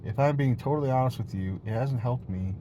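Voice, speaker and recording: A man talks in a loose, meandering vlog, hopping from one idea to the next with a silly, playful streak and plenty of casual swearing. His voice sits at an ordinary middle pitch, with a faint hiss of noise underneath. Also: brisk, dull audio. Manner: meandering, jumps between topics, swears freely. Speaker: vlogger. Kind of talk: rambling casual monologue.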